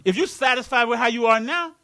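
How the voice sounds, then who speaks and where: A man's voice: extremely high pitch, a little fast, sharp tone. A man preaching a live sermon in a community worship hall, playful and laughing, with call-and-response.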